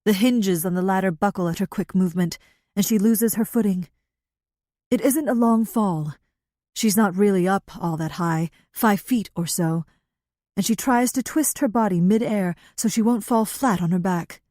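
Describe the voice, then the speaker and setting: This female audiobook narrator delivers scripted narration of a novel with calm, even pacing. Her pitch is mid-range, captured cleanly in a studio without any room sound.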